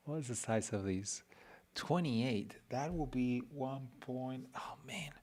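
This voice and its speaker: A web designer streams a casual walkthrough of his design work, chatting, muttering and teasing himself as he goes. His medium-pitched voice is a little mellow, with lively intonation and a slow pace.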